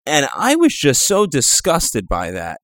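A man's voice: a little high, huge pitch swings, a little slow, fairly bright tone, dry recording, clean studio sound. A man co-hosting a casual talk show, rambling along with many fillers and restarts.

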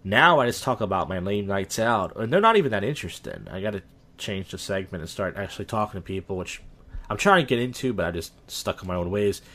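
Rambling low-voiced man telling a story. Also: expressive, brisk, pushed and bright. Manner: rambling, restarts, retells with quoted dialogue. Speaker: podcast guest. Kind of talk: casual chat.

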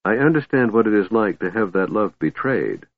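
A man voicing a sorrowful male elf lord who talks softly and haltingly. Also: fairly low pitch, lively intonation, no echo, voice pushed up. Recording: tinny phone-like band, dry.

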